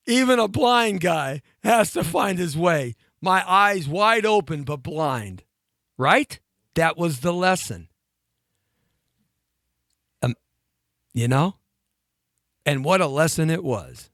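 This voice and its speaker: A man in his fifties telling a long personal story on a talk show, lively and chatty, laughing between lines and often restarting his sentences. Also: a little high, creaky, no room sound, studio quality. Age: 50s.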